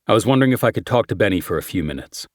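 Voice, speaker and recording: A weary male police sergeant, as a man reads him, plain and matter-of-fact. His voice sits low. The sound is close and dry. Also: lively intonation, rapid-fire, darkish tone, no echo, lightly acted.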